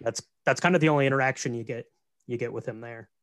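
A man co-hosting a casual film podcast, retelling the plot in a relaxed way with fillers. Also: medium pitch, quick pace, no echo, studio quality. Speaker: podcast co-host. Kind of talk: casual film recap chat.

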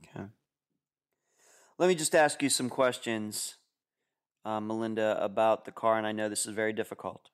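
A man interviewing a guest, asking gentle probing questions and stumbling over his phrasing. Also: fairly low pitch, steady tone, normal speed, pauses often, smooth.

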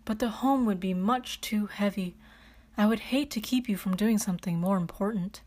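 A woman's voice: medium pitch, moderate pace, darkish tone, natural voice. A woman voicing a strong young male dwarf, polite and tearful, who pleads for help. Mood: hesitant.

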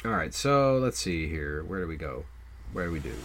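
A man co-hosting a podcast, casually talking through a movie's plot and swinging loud for emphasis. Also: deep voice, big pitch swings, normal speed, vocal fry. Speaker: podcast co-host. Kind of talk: casual film discussion.

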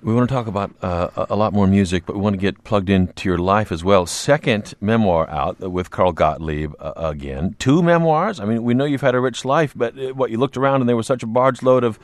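A man hosting an interview, asking questions in a measured, conversational way. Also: on the low side, dry recording. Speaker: interview host. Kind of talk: broadcast interview.

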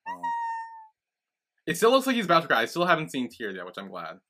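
A man's voice: a little high, wildly swooping pitch, fast, bright, forceful tone. A man co-hosting a podcast in casual chat, recapping scenes and swearing casually. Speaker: podcast co-host.

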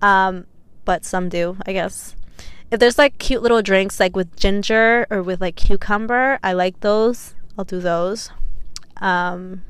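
A woman's voice: medium pitch, fairly bright tone, clean tone, no echo. A young woman in her twenties hosting her own podcast, chatting casually and bubbly with lots of fillers. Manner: chatty and bubbly, many fillers, laughs often. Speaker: podcast host. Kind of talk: casual solo podcast chat.

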